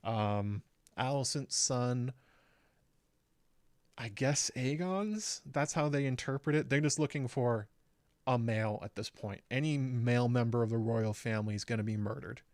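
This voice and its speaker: A man's voice: medium pitch, a little slow, a little mellow, no echo. A man hosting his own channel, casually breaking down an episode with frequent "um" fillers. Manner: conversational, frequent "um" fillers, recapping plot step by step. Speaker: YouTube show host.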